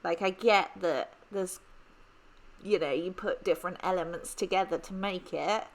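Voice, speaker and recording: A woman's voice: on the low side, normal speed. A woman in her thirties from England with an English accent, chatting casually and rambling with many ums while she plans. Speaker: planner vlogger. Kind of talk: casual chat while planning.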